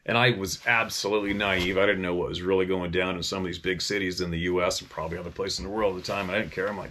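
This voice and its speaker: A man's voice: deep voice, flat delivery, fast talker, sharp tone, a little hiss or hum. A middle-aged man from Vancouver Island, a hunting guide telling stories in a rambling, profane way that often restarts mid-sentence. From Vancouver Island, Canada. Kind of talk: casual storytelling.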